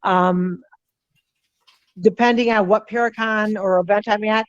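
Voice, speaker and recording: A woman guest, an author and researcher, talking in a relaxed way with frequent pauses and fillers. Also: medium pitch, no echo. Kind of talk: casual interview chat. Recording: dull lo-fi sound.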